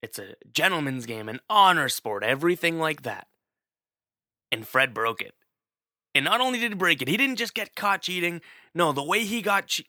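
Bright-voiced man telling a casual story. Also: fairly high pitch, no echo, clean studio sound. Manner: chatty, addresses the listener directly, many fillers.

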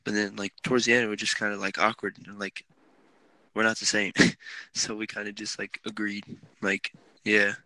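A young man chats loosely on a podcast, his voice sitting a touch low but very bright and forward. The sound is dry and close. He rambles, leans on "like" and laughs easily. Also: flat delivery, normal speed, dry recording, poor audio. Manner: laid-back, rambling, laughs often, many "like" fillers. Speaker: podcast co-host. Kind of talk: casual chat.

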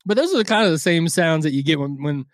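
A man's voice: fairly high pitch, expressive, quick pace, no room sound, studio quality. A man co-hosting a boxing podcast in casual, crude, joking banter. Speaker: podcast co-host.

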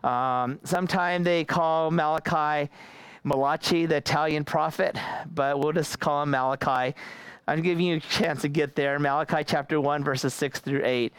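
Young male preacher, smooth and resonant, easygoing and chatty, dry close-mic sound. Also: a little high, steady tone, normal speed, no echo. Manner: casual, repeats words, laughs between phrases. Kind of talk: sermon.

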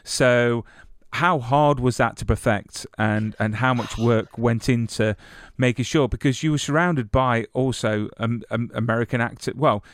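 A man's voice: mid-range voice, steady tone, a little slow, no echo. Chatty male interviewer, dry sound. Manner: chatty, stumbling repeats. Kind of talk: casual interview questions.

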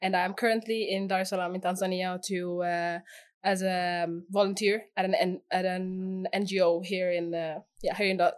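A woman's voice: on the low side, flat delivery. Laughing young Norwegian woman. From Norway. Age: young adult. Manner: chatty, laughs often, halting with fillers. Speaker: guest. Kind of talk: casual interview chat.

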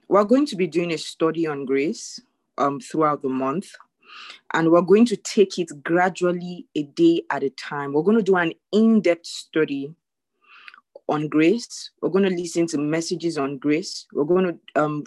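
Woman preaching, kinda low voice, dry sound, earnest, says things twice for weight. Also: darkish tone, dry recording. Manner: earnest, emphatic, repeats key phrases. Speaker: pastor. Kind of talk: sermon.

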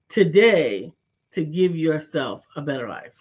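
A woman's voice: lowish voice, expressive, moderate pace. A woman co-hosting a casual morning talk show, playful, repeating greetings in a sing-song way. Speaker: co-host.

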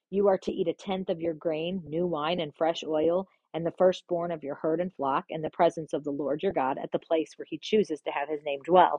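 A woman's voice: on the low side, darkish tone, slightly rough, no room sound. A woman hosting a Bible reading podcast, reading scripture aloud and praying in an earnest, heartfelt way.

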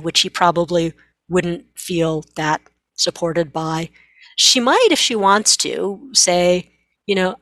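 A middle-aged woman psychiatrist speaks as an interview guest, explaining things earnestly and slipping into bits of dialogue. Her voice sits on the low side and the recording is dry. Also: lively intonation, slow, fairly bright tone, no echo.

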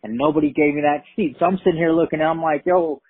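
A man's voice: fairly high pitch, very fast, no room sound. Streetwise New man over a phone line. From Brooklyn, New York. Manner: profane, streetwise, animated retelling. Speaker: storyteller. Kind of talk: casual spoken storytelling. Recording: tinny phone-line recording.

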